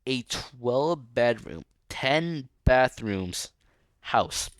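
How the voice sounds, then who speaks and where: A man's voice: medium pitch, lively intonation, drawn-out words, fairly bright tone, no room sound. Young guy riffing on a bad book, rambly, lots of likes, dry close sound. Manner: rambling, casual, lots of fillers. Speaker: book reader. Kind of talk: reading aloud with mocking commentary.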